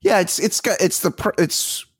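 A man co-hosting a comedy podcast, his pitch swinging up and down as he tells stories with jokey exaggeration. His voice is gravelly and a little husky, and the sound is close and dry. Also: normal speed, no room sound. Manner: animated storytelling, jokey exaggeration. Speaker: podcast co-host. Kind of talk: casual comedic chat.

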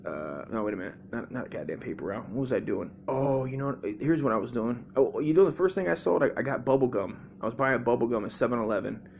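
A man in his forties from Las Vegas rambles through crude, profane stories for his comedy show. His mid-pitched voice has a rough, gravelly fry, and his speech is loose, with filler words like dude and man all through it. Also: fast talker, hardly any pauses, darkish tone, a little hiss or hum. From Las Vegas, USA. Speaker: comedy podcast host.

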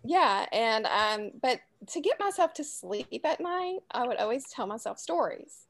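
A woman's voice: a little high, sing-song, a little slow, vocal fry, fairly bright tone. A middle-aged woman with a Southern US accent, chatting as a guest author in a casual interview, rambling and laughing easily. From Louisiana.

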